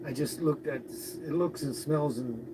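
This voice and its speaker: A man hosting a casual live stream, greeting viewers and chatting in a relaxed, rambling way with frequent chuckles. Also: a little high, measured pace. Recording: noisy recording with birds behind.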